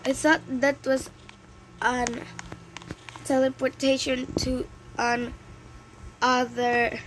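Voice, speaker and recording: A woman from the Philippines, giving excitable, chatty commentary on her gameplay with many exclamations. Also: sits high, takes it slowly, pauses often. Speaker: gaming channel host. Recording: clear background noise with clicks.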